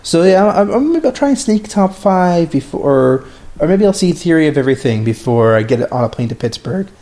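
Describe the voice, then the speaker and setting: A man's voice: a little high, big pitch swings, a little fast, mellow. A man co-hosting a casual movie podcast over an internet call, rambling with lots of fillers and restarts. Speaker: podcast co-host. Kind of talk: casual chat about movies.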